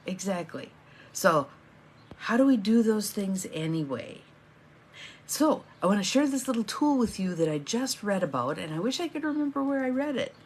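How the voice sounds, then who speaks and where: A woman's voice: medium pitch, very animated, normal speed, darkish tone, breathy edge. A middle-aged woman hosting a live morning coaching stream, chatty and encouraging, greeting viewers by name as they join.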